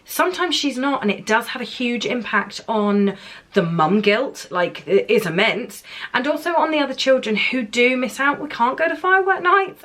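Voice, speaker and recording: A woman, talking quietly and emotionally to camera in a casual vlog. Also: fairly high pitch. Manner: soft-spoken, often dropping quiet and tearful. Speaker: parent vlogger.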